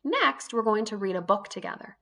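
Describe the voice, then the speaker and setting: A woman's voice: mid-range voice, very animated, a little fast, pushed and bright. A woman teaching an early reading lesson to young children, sounding out letters one by one in an encouraging way.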